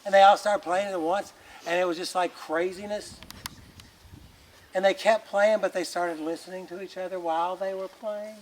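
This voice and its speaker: A man telling a folk tale aloud in a lively, folksy way, with colloquial asides to listeners. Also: high voice, moderate pace, a little hiss or hum. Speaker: storyteller. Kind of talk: oral folk storytelling.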